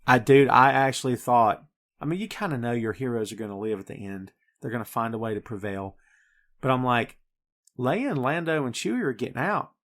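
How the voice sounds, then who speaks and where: A man hosting a podcast, chatting casually and with energy about a film and addressing his listeners directly. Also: mid-range voice. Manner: animated, addresses listeners as folks and kids. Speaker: podcast host. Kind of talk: casual movie review chat.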